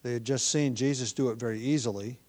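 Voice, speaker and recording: A man teaching a Bible passage in an easy, conversational sermon. He talks his way through ideas with ums, restarts and the odd throat clearing, in a voice of middling pitch. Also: fairly even intonation, fast, a little mellow. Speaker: preacher.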